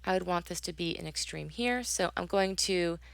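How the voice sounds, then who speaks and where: Tutorial narrator: woman, low and gravelly, chatty, mutters to herself as she clicks around. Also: normal speed, dry recording. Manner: chatty, mutters to herself while hunting through menus; talks to the software affectionately. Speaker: instructor. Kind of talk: software tutorial screencast.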